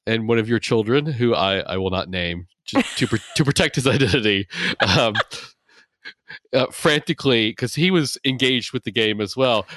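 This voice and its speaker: A man co-hosting a casual parenting podcast, telling a family story in an animated way. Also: medium pitch, moderate pace, dry recording, clean studio sound. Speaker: podcast co-host.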